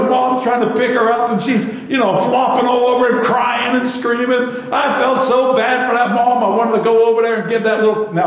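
A male pastor preaching a sermon in a conversational way, repeating words and asking the congregation questions. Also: very high voice. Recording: very echoey room.

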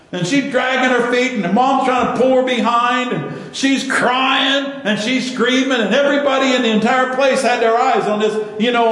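A male pastor preaching a sermon in a conversational way, repeating words and asking the congregation questions. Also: very high-pitched. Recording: very echoey room.

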